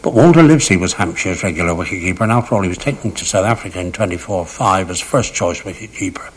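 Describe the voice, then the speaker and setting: A man's voice: low-pitched, expressive, fast, breathy edge, low-quality recording. An older man recalling cricket memories in a vivid, dramatic storytelling manner, lingering on words for emphasis. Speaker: cricket raconteur. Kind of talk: anecdotal reminiscence.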